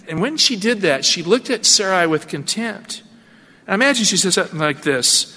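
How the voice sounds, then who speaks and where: A male pastor delivers a sermon, retelling scripture with dramatic, storytelling flair. His voice is bright and forceful. A long reverb from a large hall trails his words. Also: sits high, sing-song, moderate pace, slightly rough.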